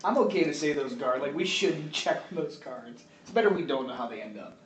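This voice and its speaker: Animated man, lively high voice, echoey. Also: fairly quick, a little hiss or hum. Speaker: player. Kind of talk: in-character table talk. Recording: echoey room, distant mic.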